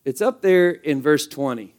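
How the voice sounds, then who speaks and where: A pastor preaching a sermon in a conversational, emphatic way, full of rhetorical questions. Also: male voice, a little high, lively intonation, a little slow, a little mellow.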